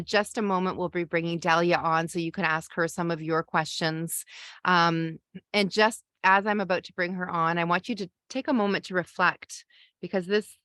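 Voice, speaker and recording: A woman hosting a live-streamed summit, speaking straight to her viewers in an encouraging, coaching way. Her voice sits slightly low, and the sound is dry and close. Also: a bit bright, clear, resonant tone, dry recording. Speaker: summit host.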